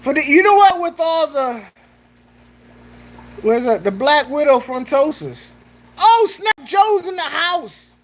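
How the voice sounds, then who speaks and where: A woman's voice: sits high, big pitch swings, slow pace, pauses often. A woman hosting a casual livestream, joking loosely with slang, laughing and greeting chatters by name. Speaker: livestream host.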